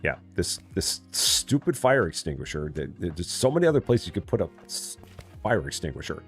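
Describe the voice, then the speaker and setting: Male streamer, lower voice, very lively swings in pitch, chatty and jokey, faint music behind. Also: moderate pace. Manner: chatty, talks to himself and chat, jokey mock voices. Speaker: streamer playing a store simulator. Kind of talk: casual live-stream commentary.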